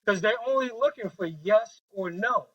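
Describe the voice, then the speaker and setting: A man leading a training workshop with a group, talking in a lively, joking way and acting out quoted voices on a handheld mic. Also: high voice, normal speed, slightly rough, poor audio.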